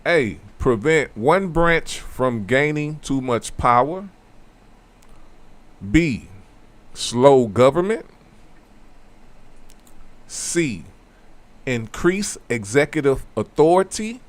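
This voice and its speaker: A man hosting a casual talk show, explaining a civics question slowly and with emphasis, repeating key phrases and adding conversational asides. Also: mid-range voice, animated. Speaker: host.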